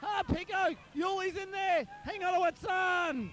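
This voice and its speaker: A man with a very high voice gives rapid play-by-play of a local footy match, naming players as the ball moves. He calls from outdoors at a suburban ground, captured on amateur video with traffic noise behind. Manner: quick play-by-play, rising excitement. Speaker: club commentator. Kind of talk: amateur football commentary.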